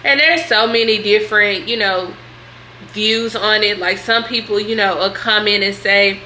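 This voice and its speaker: A woman's voice: mid-range voice, moderate pace, sharp tone, reverberant, slight background noise. A young woman vlogging a candid question-and-answer session, chatty and slangy. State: tearful at times. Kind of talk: candid vlog Q&A.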